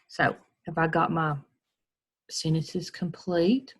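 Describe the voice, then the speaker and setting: A woman's voice: fairly low pitch, measured pace, darkish tone, slight background noise. An American woman teacher patiently walking children through a recorded screen tutorial, step by step.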